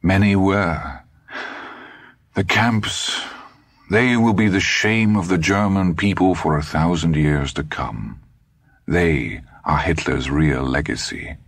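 A man reading an audiobook, voicing an elderly German man who speaks in a formal, measured, gently solemn way. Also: sits low, vocal fry, dry recording, exaggerated voice. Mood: courtly grave. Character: elderly German man, courtly, guarded, grave.

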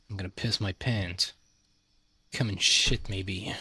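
A man's voice: fairly low pitch, fairly even intonation, a little slow, fairly bright tone, slightly rough. A man streaming a driving game, commenting loosely and with swearing as he thinks aloud. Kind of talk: casual gameplay commentary.

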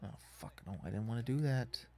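A man's voice: mid-range voice, brisk, warm tone. A man casually commenting on a wrestling video game as he plays, rambling and swearing in frustration at it. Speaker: gaming YouTuber.

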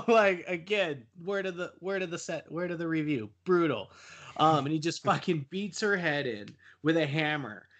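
A man's voice: a little high, normal speed, few pauses, fairly bright tone. A young man on a casual podcast, retelling a horror film in a rambling, profane way and laughing often. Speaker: podcast co-host.

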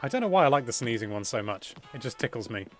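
A man hosting a casual game livestream, excitable and chatty, exclaiming as he goes. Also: mid-range voice, quick pace, soft background music. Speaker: livestream host.

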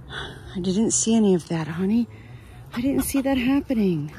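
A woman filming an outdoor farm vlog, shaken and breathless, who switches between sharply scolding her dogs and softly soothing her birds. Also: medium pitch, expressive, normal speed, a little hiss or hum. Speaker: farm vlogger.

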